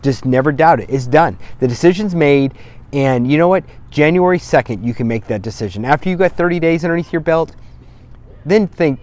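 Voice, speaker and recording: A man's voice: on the high side, a little fast, a little mellow. A man coaching viewers on staying sober, talking bluntly and emphatically and swearing for emphasis. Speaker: sobriety coach. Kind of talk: direct-to-camera motivational talk. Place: outdoors on a cloudy day.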